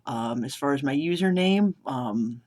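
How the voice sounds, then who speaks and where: A young man from Massachusetts, his voice worn out, works through a casual accent challenge vlog. He talks slowly and hesitantly, pausing often on filler sounds. His tone stays self-deprecating throughout. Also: mid-range voice, animated, darkish tone. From Massachusetts, United States. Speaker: vlogger. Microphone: camera below the monitor.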